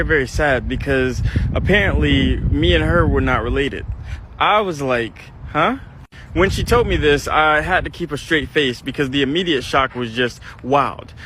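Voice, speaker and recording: A man's voice: a little high, noisy background. A man casually telling a personal story in the first person, in an earnest, conversational way with some restarts. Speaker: father telling a confession.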